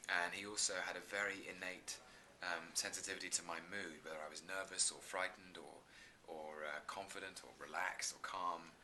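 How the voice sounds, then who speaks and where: Low-voiced, bright-toned earnest man. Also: steady tone, normal speed, hardly any pauses. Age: 30s. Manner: earnest, effusive, with many restarts and ums. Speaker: actor, interview guest. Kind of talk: casual interview chat.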